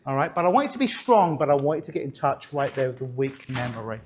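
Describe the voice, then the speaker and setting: A man's voice: mid-range voice, very animated, fast talker, a little mellow, slight background noise. A man working as a stage hypnotist, coaxing and instructing a volunteer during a live demonstration on stage. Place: on a stage before an audience.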